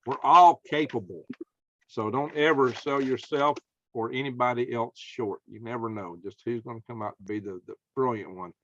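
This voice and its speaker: A man with a Southern American accent talks in a folksy, emphatic way as host of a casual conversation. His voice sits at an ordinary pitch. The sound is dry, close and slightly muffled. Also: moderate pace, a bit bright, no room sound. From Southern United States. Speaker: podcast host.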